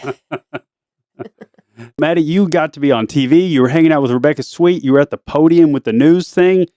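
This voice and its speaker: A man's voice: a little high, brisk, warm tone, no room sound, studio quality. A man hosting a family podcast as the dad, chatting in a casual, teasing way with a mock news-anchor flair.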